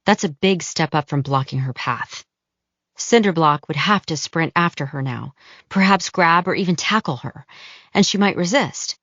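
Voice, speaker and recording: Low-voiced woman narrating a thriller audiobook. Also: lively intonation, normal speed, fairly bright tone, no room sound, highs cut off. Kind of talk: scripted narration.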